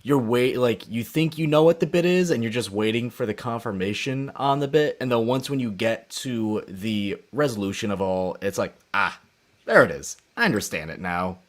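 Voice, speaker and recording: A man co-hosting a live chat show, animated and acting out his own reactions. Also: mid-range voice, moderate pace, few pauses. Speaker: podcast co-host. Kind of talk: casual chat.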